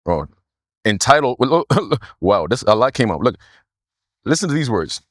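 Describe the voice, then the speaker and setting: A man's voice: medium pitch, sing-song, normal speed, fairly bright tone, no room sound, studio quality. Insistent man co-hosting a podcast. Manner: insistent, repeats himself, talks over his partner. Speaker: podcast co-host. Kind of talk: casual argumentative chat.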